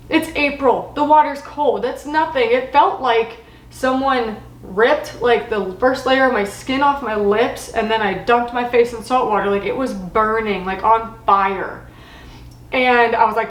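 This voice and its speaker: A woman from Florida, hosting a casual storytelling vlog in a chatty, animated way, acting out her own quotes. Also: a little high, normal speed, roomy sound, distant mic, rough recording. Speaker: host.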